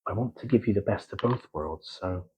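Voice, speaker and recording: Soft-spoken man with a Gloucestershire accent. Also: low-pitched, a little hiss or hum, poor audio. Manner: slow, halting, with many pauses; soft-spoken, slipping into whispers. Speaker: ASMR creator. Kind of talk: soft-spoken ASMR chat.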